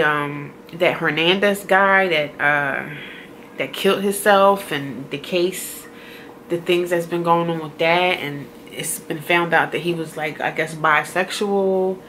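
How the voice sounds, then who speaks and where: A woman's voice: on the low side, fairly bright tone, slight background noise. A woman vlogger, a mother, rambling and heartfelt in a casual talk to camera.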